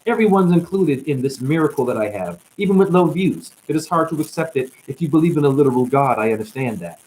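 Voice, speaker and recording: A man's voice: medium pitch, expressive, quick pace, few pauses, darkish tone, low-quality recording. A man on a livestream delivering a rambling, rhyming spiritual monologue with bursts of whoops, sounding tired and drained. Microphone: static-laden livestream mic.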